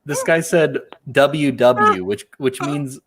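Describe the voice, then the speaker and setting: Slow, animated man with a crowd behind. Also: mid-range voice, noisy background. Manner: amused, laughing remarks. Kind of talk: casual chat on stream.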